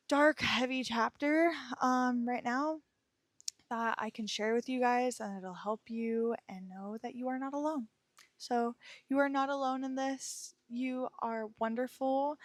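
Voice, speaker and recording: Soft-spoken woman podcaster, kinda tired and heavy, reassuring, trips over words and laughs it off, higher voice, dry close sound. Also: no echo. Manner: gentle and reassuring, stumbles and laughs at herself. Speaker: podcast host. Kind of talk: casual solo podcast talk.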